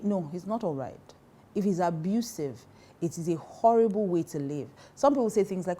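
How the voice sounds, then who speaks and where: A woman's voice: on the low side, animated, normal speed, dark tone. A woman pastor with a Nigerian accent giving emphatic advice to women, repeating key phrases and laughing often. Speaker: pastor and counselor.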